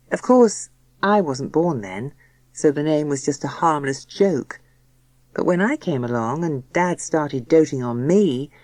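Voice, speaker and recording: Woman narrator, low voice with lively swings, confiding first-person audiobook reading, dry close studio sound. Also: no echo. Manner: chatty, gossipy and confiding. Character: young engaged daughter confiding to her mother.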